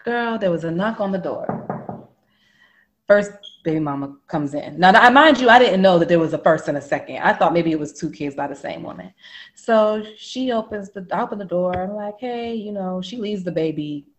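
A woman spins a long personal story in casual chat, jumping up into loud, lively quotes of everyone involved. She swears freely and keeps the tale moving. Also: on the low side, normal speed. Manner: animated, quotes people in raised voices, swears freely. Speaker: storyteller guest.

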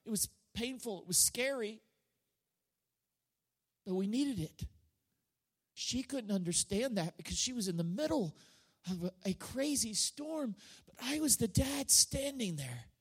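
High-voiced preaching man. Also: expressive, unhurried, long pauses, slightly rough. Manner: emotional storytelling, swings from loud to hushed. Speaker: pastor. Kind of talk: sermon.

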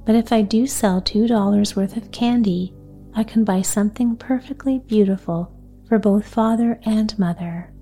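A woman's voice: medium pitch, dark tone, husky, soft background music. A woman reading aloud, voicing a practical little neighborhood girl who talks in a reasonable, coaxing way. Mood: eager. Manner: reasonable, coaxing, quick talk.

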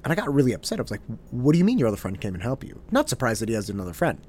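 Man telling a story with a lively voice. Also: mid-range voice, racing, a little hiss or hum. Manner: candid, self-deprecating, conversational. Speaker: podcast host. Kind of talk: reflective personal storytelling monologue.

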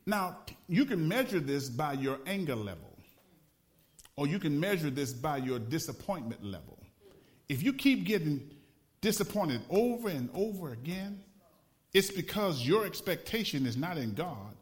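A man's voice: a little high, sing-song, moderate pace. A man preaching a sermon, a pastor from the Los Angeles area, telling a story with laughs and repeated phrases for emphasis.

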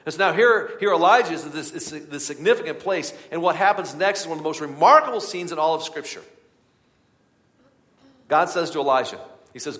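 A man preaching a sermon in a church, swinging from hushed tones to loud, urgent passages. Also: on the high side, animated, brisk. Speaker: pastor. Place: church sanctuary. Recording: long hall reverb.

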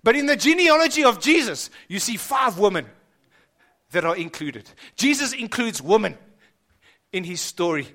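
A man preaching a sermon in a church hall, passionate and building up, then falling to hushed, slow emphasis. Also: high voice, very animated. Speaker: pastor.

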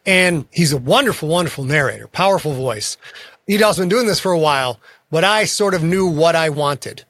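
A man's voice: fairly high pitch, expressive, fairly quick, fairly bright tone, dry recording. A man, a guest author in a casual interview, telling frank and self-deprecating stories about his work.

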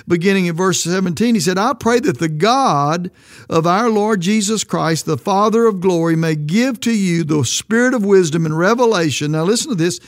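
A man's voice: high-pitched, normal speed, no room sound, studio quality. A man preaching a sermon as pastor, earnest and emphatic, his voice leaping up on quoted questions.

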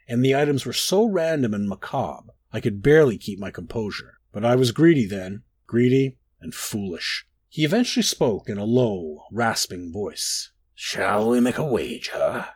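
A man reading a dark first-person fantasy story aloud, brooding and expressive with dramatic rises and drops. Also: lowish voice, unhurried, hardly any pauses, slightly rough, no room sound. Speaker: narrator.

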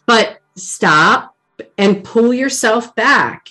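A woman hosting a casual interview, telling animated examples, often tagging "right?" and laughing lightly. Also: a little high, drawn-out words, soft background music, low-quality recording.

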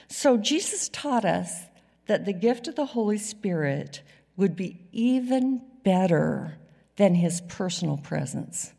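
Woman preacher, slow and gravelly, goes from loud to whispery, church hall echo. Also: lowish voice, big pitch swings. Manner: dramatic swings from loud emphasis to hushed whispers. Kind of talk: sermon. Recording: reverberant hall sound.

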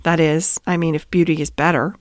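A woman voicing an earnest male head groom who is devoted to his horse, speaking slowly and heavily, then with indignation, in a bedtime storybook reading. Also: low-pitched, flat delivery, no room sound, clean studio sound, lightly acted. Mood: sorrowful. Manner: slow and heavy, rising to indignant outrage. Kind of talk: storybook read-aloud.

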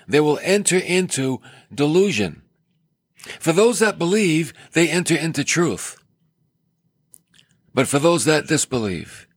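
Male preacher, deliberate delivery, slightly husky, emphatic sermon. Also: no room sound, clean studio sound. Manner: emphatic, with dramatic swings in pitch. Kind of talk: sermon on scripture.

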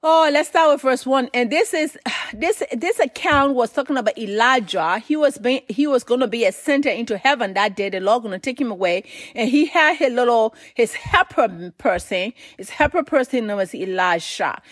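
Woman preacher, high voice, emphatic and repetitive, close dry mic. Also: expressive, moderate pace, dry recording. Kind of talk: sermon.

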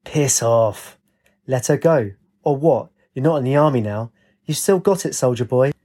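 A man's voice: mid-range voice, animated, moderate pace, mellow, lightly acted. A man voicing a leering, hateful street thug who growls and sneers. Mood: sneering.

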